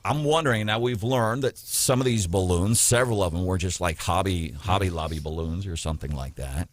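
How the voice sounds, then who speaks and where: A man's voice: low-pitched, fairly quick, dry recording. A man with a Midwestern American accent hosting a morning radio show, rambling and joking sarcastically. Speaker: radio host. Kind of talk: casual talk radio banter. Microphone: studio mic.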